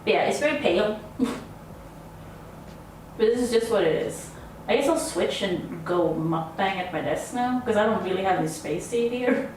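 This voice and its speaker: A woman live-streaming from her desk, her voice swinging up and down with animated energy. She chats casually into a desk mic, gushing thanks and laughing freely, with a faint hiss behind her. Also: mid-range voice, normal speed. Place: home desk. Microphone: desk microphone.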